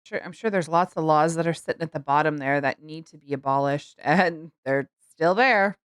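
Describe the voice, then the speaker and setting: A woman's voice: low-pitched, moderate pace, clear, resonant tone, no room sound, studio quality. A woman co-hosting a podcast, chatting casually with wry asides and frequent laughs. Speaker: podcast co-host. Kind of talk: casual chat.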